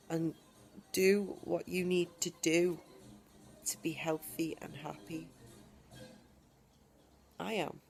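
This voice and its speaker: A woman talking straight to camera from home in a personal video diary, emphatic and defiant, with deliberate pauses. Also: lowish voice, steady tone, creaky, darkish tone, faint music behind. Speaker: vlogger.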